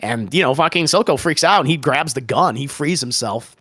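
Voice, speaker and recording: Male podcast host, animated and casual, bright tone, dry close sound. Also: mid-range voice, brisk, slightly rough, dry recording. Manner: excitable, swears, retells scenes with many restarts. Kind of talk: casual podcast review chat.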